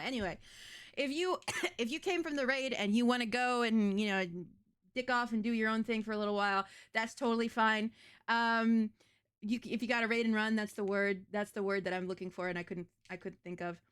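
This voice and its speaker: A woman's voice: a little high, steady tone, brisk, fairly bright tone, clear, resonant tone. Crude, blunt young woman streamer. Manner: crude, blunt, self-mocking. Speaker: VTuber streamer. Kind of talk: casual live-stream chat.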